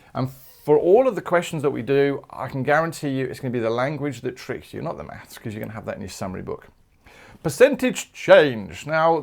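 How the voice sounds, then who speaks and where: A man's voice: mid-range voice, creaky. A man from the United Kingdom teaching a video maths lesson in an upbeat, chatty way with playful asides.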